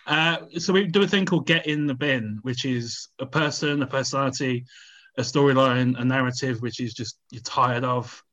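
A man's voice: mid-range voice, moderate pace, fairly bright tone. A man co-hosting a sports podcast, rambling casually with many restarts and easy laughter. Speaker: podcast co-host. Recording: slightly dull sound.

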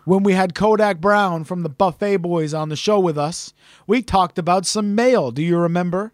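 Rambling podcast co-host with a bright voice. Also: male voice, high-pitched, no room sound, clean studio sound. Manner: rambling, halting, full of fillers and restarts. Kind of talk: casual chat.

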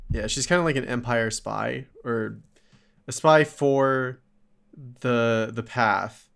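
A man co-hosting a podcast in casual chat, laid back and quick to laugh. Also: medium pitch, gravelly, a bit bright, clean tone. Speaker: podcast co-host. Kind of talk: casual chat reviewing a show.

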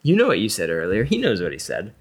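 Fast-talking teasing young man. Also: fairly low pitch, background noise. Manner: teasing, animated, laughing often. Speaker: podcast co-host. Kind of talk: casual banter.

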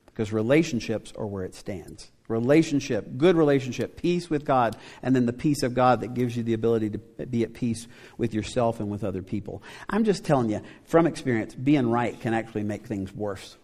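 A middle-aged male pastor with a medium-pitched, brisk, somewhat dark voice preaches a conversational sermon, putting rhetorical questions to his congregation. He's in a church sanctuary, and the hall's long reverb carries through the recording.

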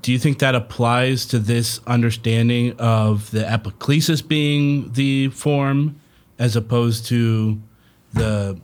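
A man's voice: mid-range voice, steady tone, takes it slowly. A man co-hosting a podcast, teasing the others and reading out a listener's question. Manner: joking, teasing, reads listener email. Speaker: podcast co-host. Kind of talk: casual chat.

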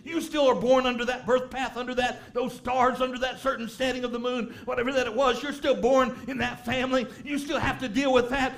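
A man preaching a sermon, telling a story and rising to shouts of emphasis. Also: extremely high pitch, little pitch movement, a little fast, gravelly, few pauses. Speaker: pastor.

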